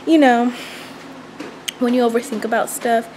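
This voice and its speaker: A woman's voice: fairly high pitch, fairly even intonation, normal speed, background noise. Chatty young woman, cranky and rambling. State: pregnant and tired. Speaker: vlogger. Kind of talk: casual vlog chat.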